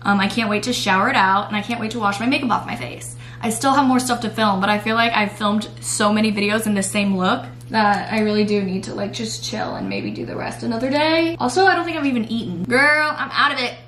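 A woman's voice: medium pitch, animated, a little fast, hardly any pauses, fairly bright tone, a little hiss or hum. A young woman vlogging casually at home at night, rambling with lots of fillers and the odd swear word. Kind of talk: casual vlog chat.

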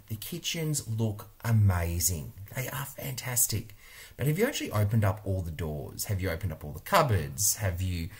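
Blunt, deep-voiced Australian man. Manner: blunt, emphatic, repeats points for stress. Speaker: interior designer. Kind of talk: opinionated product review vlog.

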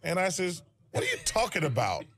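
A former basketball player recounts stories in a broadcast interview. His voice sits fairly high, and his telling is amused, often breaking into laughter. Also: huge pitch swings, brisk, a bit bright.

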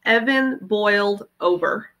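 A woman reading a children's chapter book aloud to her class, as a teacher. Her storytelling is expressive, and she leans into each line of the tale. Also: medium pitch, slow.

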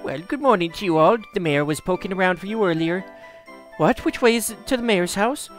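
A man's voice: sits high, expressive, a little fast, soft background music, voice pushed up. A man voicing gossipy villagers and a churchgoer while reading game dialogue aloud.

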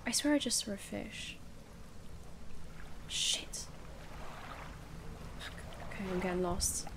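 A woman's voice: mid-range voice, animated, slow pace, background noise. A woman streaming a spooky fishing game, reacting nervously and talking herself through each scare. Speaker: gaming streamer. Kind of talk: let's play commentary.

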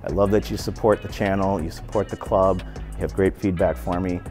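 A man in his fifties coaches pool at a billiard club, faint music behind him. His low, slightly mellow voice runs a little fast with fairly even intonation, and he repeats phrases during his casual, earnest stroke demonstration.

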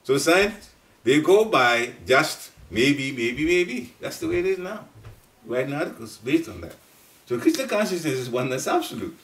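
A middle-aged man giving a devotional class talk in a storytelling way, laughing at times and jumping up in pitch. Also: very animated, normal speed, fairly bright tone. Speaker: speaker at a devotional study group. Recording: voice picked up from a distance.

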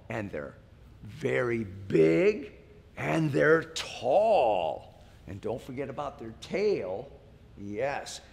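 A man leading a toddler storytime, talking gently and slowly to little children. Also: medium pitch, vocal fry, in a large hall.

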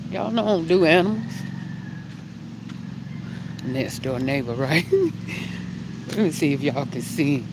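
A vlogger with a low-sitting voice chats to her audience at a measured pace, pausing often, as she films herself at home and then outdoors on the porch. She stays animated and talks directly to the camera, with background noise present.

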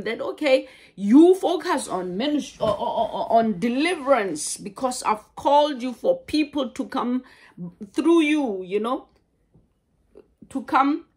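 A woman preaching a sermon, halting and repeating words as she goes. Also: fairly high pitch, a little mellow, husky.

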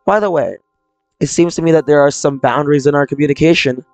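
A man with a clean voice on the high side reads fast with fairly even intonation, sounding close to his everyday voice. He delivers a troubled, mentally ill young person's lines from a visual novel in a subdued, confessional tone. The recording is dry and close-miked, with faint game music.

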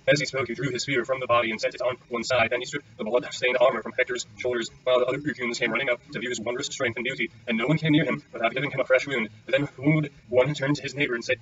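A man narrating an epic as an audiobook reader. He reads at a very fast clip, plainly and without flourish. The recording is dull and set back from the mic. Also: mid-range voice, flat delivery, a bit bright, recorded from a distance.

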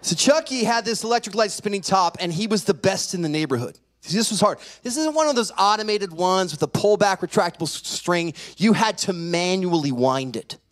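A man preaches from the pulpit, telling a story in the form of a sermon. His voice sits a little high and moves with lively, wide swings of pitch. He acts out the people in his story as he goes. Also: brisk, few pauses. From California. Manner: animated storyteller acting out voices. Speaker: pastor. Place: church sanctuary.

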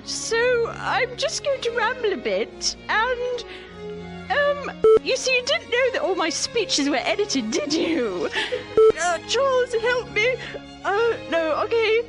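A man's voice: very high-pitched, very animated, slow pace, over loud music, heavily acted. A man voicing a bawdy Queen of England with a put-on British accent, giggling and slipping into Cockney. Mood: giggly. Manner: giggly, breaks character, slips into Cockney.

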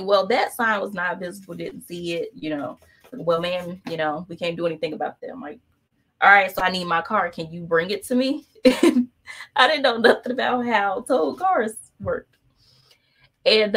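A woman painting instructor, chatting casually and telling a story while she paints, acting out the other people's voices. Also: on the low side. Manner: chatty, animated, acts out quoted voices.

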